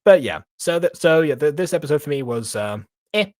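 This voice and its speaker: In a dry, studio-quality recording, a man with a fairly high, brisk, darkish voice co-hosts a reaction stream. He chats casually and rambles, laughing often between thoughts.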